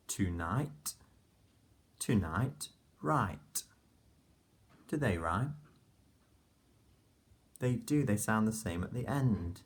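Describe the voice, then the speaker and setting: A deep-voiced male teacher takes his time, drawing out each letter sound as he walks little ones through a rhyming lesson. His voice is low and slightly husky, gentle and unhurried, with warm praise between the words. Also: lively intonation. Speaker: primary school teacher. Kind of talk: phonics lesson for young children.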